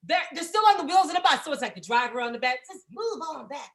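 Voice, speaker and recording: A high-voiced young woman telling a stand-up story over a video call. She is brash and profane and jumps into the voices of the people in her tale. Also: big pitch swings, rapid-fire, a bit bright. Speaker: stand-up comedian.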